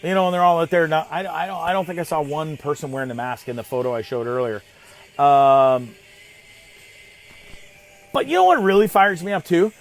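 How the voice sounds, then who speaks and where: A man in his thirties from Canada, hosting a live show and ranting in an animated, exasperated way, swearing and calling people names. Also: a little high, moderate pace, long pauses. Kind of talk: ranting monologue.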